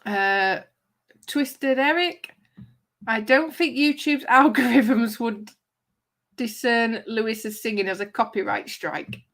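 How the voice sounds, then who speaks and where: Reading her chat aloud during a casual livestream, a woman chats and giggles her way through the comments. Her voice is fairly high and fairly bright, and she speaks slowly.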